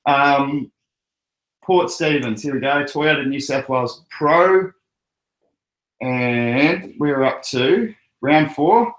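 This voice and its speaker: A young Australian man, speaking with an Australian accent, hosts a casual crypto live stream where he chats and laughs often over viewer comments he reads aloud. He takes it slowly in a mid-range, slightly bright voice, and the room echoes.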